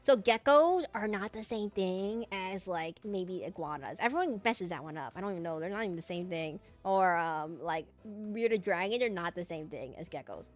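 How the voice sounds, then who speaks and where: A woman VTuber chatting casually on stream, excitable and rambling with lots of fillers and little laughs. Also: lowish voice, moderate pace, few pauses, soft background music.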